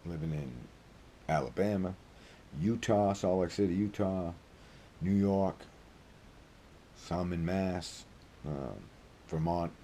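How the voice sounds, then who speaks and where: Deep-voiced Maine man in his sixties. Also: slow pace, long pauses, mellow, a little hiss or hum. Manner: rambling, folksy, swears freely. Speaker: vlogger. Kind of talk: casual storytelling.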